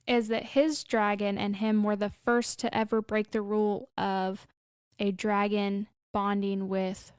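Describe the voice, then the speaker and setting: A woman's voice: mid-range voice, little pitch movement, clear, resonant tone, no room sound, clean studio sound. A woman co-hosting a casual book podcast who gushes over characters and mocks the ones she dislikes. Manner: gushing and blunt, quick to mock characters. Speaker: podcast co-host.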